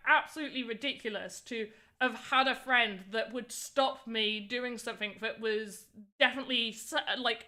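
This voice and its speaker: Chatty young streamer, bright, slightly high voice, casual rambling delivery. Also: female voice. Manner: chatty, rambling, frequent "like" fillers. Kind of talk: casual livestream chat while making voxel art.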